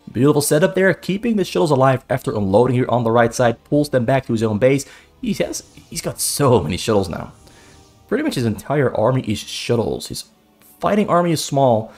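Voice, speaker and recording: A man giving solo play-by-play commentary on a strategy game match, brisk and running, often repeating key phrases for emphasis. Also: medium pitch, a little mellow. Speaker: esports caster.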